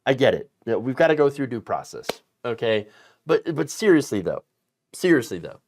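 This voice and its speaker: Indignant male political commentator, very lively pitch. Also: a little fast. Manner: indignant, emphatic, frequent fillers and restarts.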